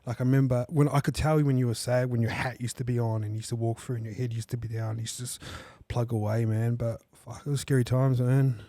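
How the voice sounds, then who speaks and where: A man's voice: mid-range voice, fairly even intonation, fast talker, few pauses, warm tone, dry recording. A man hosting a podcast, talking in a casual, slangy way. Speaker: podcast host. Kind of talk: candid podcast conversation.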